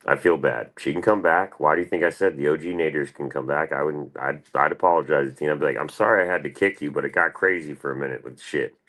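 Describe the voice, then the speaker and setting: A man's voice: very deep voice, fast talker, hardly any pauses, a bit bright. A man hosting a casual livestream, rambling and swearing as he answers chat. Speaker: livestream host.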